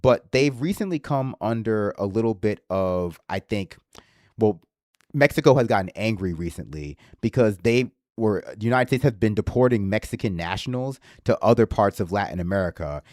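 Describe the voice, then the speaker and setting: A man's voice: lowish voice, animated, moderate pace, darkish tone, dry recording, studio quality. A man hosting a livestream in casual political commentary, with a slight lisp and a sarcastic, rambling manner that swears freely. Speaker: livestream host.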